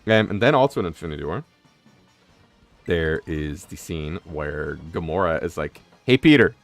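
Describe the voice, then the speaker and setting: A young man streams a game and gives casual, rambling commentary packed with fillers and swearing. His voice is extremely low and moves at a moderate pace, with soft music in the background.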